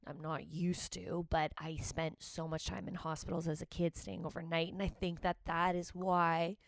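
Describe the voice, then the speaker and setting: A woman's voice: fairly low pitch, level tone, normal speed, vocal fry, no echo. A pregnant woman vlogging casually, talking candidly and emotionally, rambling as she goes. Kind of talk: casual confessional vlog.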